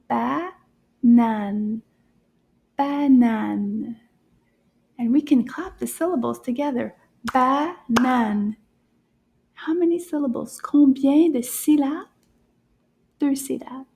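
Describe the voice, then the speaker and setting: A high, breathy woman guides young learners through new words in a soft, encouraging voice that often sinks to a half-whisper. She speaks slowly and clearly, with a slight gravelly fry at the ends of her phrases. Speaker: French teacher for children. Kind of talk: children's language lesson.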